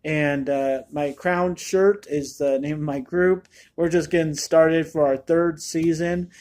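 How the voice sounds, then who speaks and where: Male reviewer, somewhat high voice, off-the-cuff and rambling, lots of fillers. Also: fairly even intonation, takes it slowly, darkish tone. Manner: candid, rambling, with many fillers. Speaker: movie reviewer. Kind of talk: casual spoken review.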